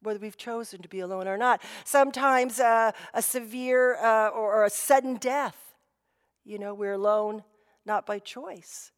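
A woman's voice: fairly high pitch, measured pace. A woman pastor giving a sermon in a conversational storytelling way, often saying "you know". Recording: long reverb of a hall.

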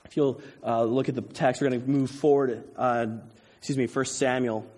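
A man preaching a sermon as pastor, animated, swinging between loud emphasis and hushed intensity. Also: medium pitch, moderate pace. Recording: long hall reverb.

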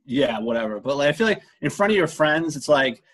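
A man's voice: fairly high pitch, animated, fairly quick, a bit bright. A man co-hosting a podcast, chatting casually and bluntly, swearing now and then. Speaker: podcast co-host. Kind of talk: casual chat.

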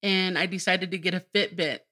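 A woman's voice: lowish voice, fairly even intonation, a little fast, pushed and bright. A middle-aged woman, a podcast guest, telling her personal story candidly and openly, with bursts of laughter. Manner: open and emotional, breaks into laughter.

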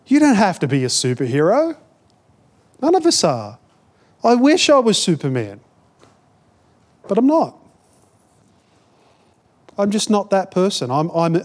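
High-voiced Australian pastor preaching. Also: male voice, very animated, slow pace, long pauses, darkish tone. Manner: conversational, repeats words when building a point. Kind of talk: sermon.

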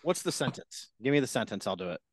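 A man in a taproom making crude casual banter, tossing in quick, dry quips. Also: medium pitch, sing-song.

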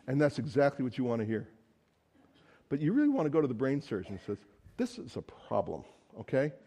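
Mellow, conversational preacher man. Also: mid-range voice, very animated, fast. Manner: conversational storytelling, casual asides. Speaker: pastor. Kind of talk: sermon.

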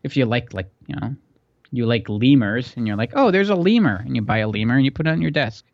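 A man's voice: mid-range voice, fast talker, vocal fry, highs cut off. A man co-hosting a casual podcast, rambling through childhood memories with lots of fillers and a self-deprecating manner. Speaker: podcast co-host. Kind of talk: casual chat.

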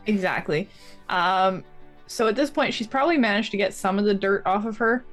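A woman's voice: medium pitch, moderate pace, fairly bright tone, faint music behind. A woman tabletop game player chatting and narrating her character's actions. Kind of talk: casual chat.

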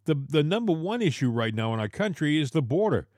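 A man's voice: a little high, sing-song, brisk, a little mellow, no echo, studio quality. A man co-hosting a political talk show, emphatic and repeating words as he argues.

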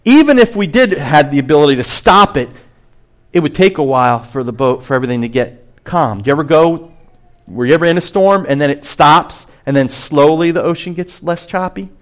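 A man preaching a sermon as pastor, animated, rising high to stress a point and dropping low on asides. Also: brisk.

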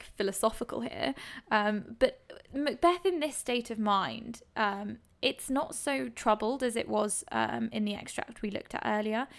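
A woman tutor talks through a set text for an exam. She is chatty and enthusiastic, with frequent ums. Her voice has a gravelly fry at a middling pitch.

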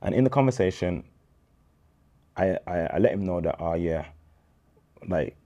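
A man's voice: deep voice, lively intonation, normal speed, dark tone. A man, telling his faith story as an interview guest in a candid slang-filled way, acting out dialogue.

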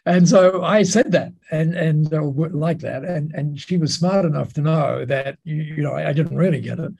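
An Australian man, a podcast guest, telling a story in a lively way and acting out the dialogue. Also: fairly high pitch, normal speed, vocal fry, breathy edge, dull audio. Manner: lively, acts out dialogue in different voices. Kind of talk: animated storytelling.

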